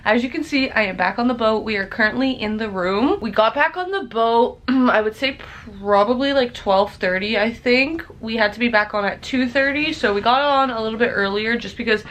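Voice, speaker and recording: A woman's voice: a little high, normal speed, hardly any pauses, a bit bright. A woman chatting casually to her camera in a travel vlog, bubbly and full of fillers, from a cruise ship cabin. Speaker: travel vlogger.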